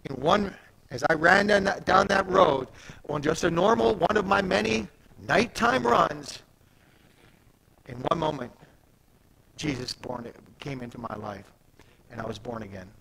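A man preaching a sermon as pastor, animated and conversational, swinging from soft asides to loud emphatic peaks. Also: on the high side, unhurried, vocal fry, long pauses, a crowd in the background, low-quality recording. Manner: conversational, retells scripture in everyday speech.

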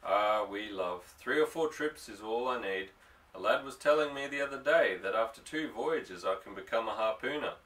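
A man plays an earnest young fisherman in an audiobook, coaxing his sweetheart with a low, bright, forceful voice. The sound is a little distant from the mic. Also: lively intonation, moderate pace. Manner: coaxing, affectionate.

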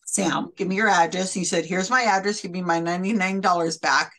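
A woman's voice: lowish voice, brisk. Chatty woman host telling stories. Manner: animated storytelling, acts out quotes. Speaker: podcast host. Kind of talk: casual chat.

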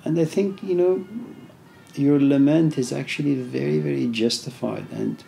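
Gravelly-voiced man giving a casual lecture. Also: medium pitch, normal speed, mellow, faint music behind. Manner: conversational, frequent "you know", storytelling asides. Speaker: philosophy lecturer. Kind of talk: informal philosophy lecture.

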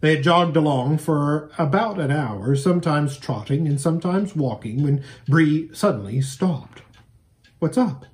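A man, a pastor, reading a children's book aloud in an expressive, animated storytelling manner. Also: fairly high pitch, unhurried, few pauses.

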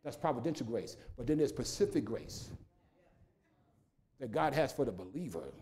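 A man's voice: mid-range voice, expressive, normal speed, darkish tone. A male pastor a sermon in a rhythmic, repetitive style with humorous asides.

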